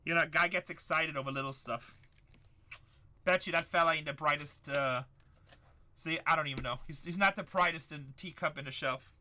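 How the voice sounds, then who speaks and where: Hyped high bright-voiced card break host. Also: male voice, moderate pace. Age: middle-aged. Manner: hyped, shouts up to the chat, repeats lines. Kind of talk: livestream card break chat.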